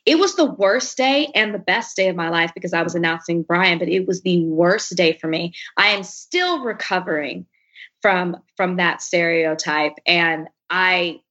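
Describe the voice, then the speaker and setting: Bright-voiced woman telling a story. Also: lowish voice, moderate pace. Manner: animated, acts out quoted speech. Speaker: podcast guest. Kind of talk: candid storytelling interview. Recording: dull lo-fi recording.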